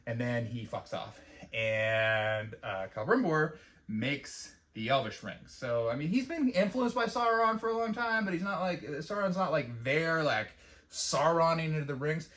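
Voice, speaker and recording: A man's voice: a little high, animated, a little slow, fairly bright tone. A man casually reviewing a fantasy TV episode, rambling and profane, with lots of fillers. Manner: rambling and profane, with mocking quoted impressions.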